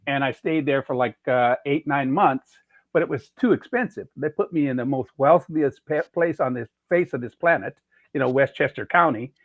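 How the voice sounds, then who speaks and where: A man's voice: medium pitch, moderate pace, no echo. A middle-aged man from California, a chef guest telling rambling career stories in a casual interview, acting out quoted dialogue as he goes. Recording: tinny phone-like dry sound.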